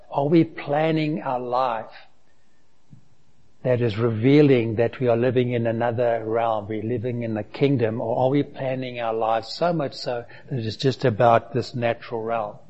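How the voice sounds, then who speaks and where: A man's voice: medium pitch, fairly even intonation, measured pace, a little mellow, lo-fi sound. A man preaching a sermon, asking the congregation rhetorical questions and reading aloud from scripture. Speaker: pastor.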